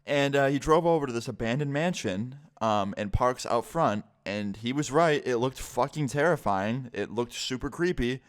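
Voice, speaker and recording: A young man telling a story on his vlog in a casual, rambling way, full of fillers. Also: medium pitch. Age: young adult. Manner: casual, fast-flowing storytelling with many fillers. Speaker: vlogger.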